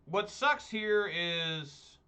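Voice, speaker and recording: Bright-voiced man muttering gameplay commentary. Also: high-pitched, lively intonation, extremely slow, smooth. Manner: swears often, talks to himself while playing. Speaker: gameplay streamer.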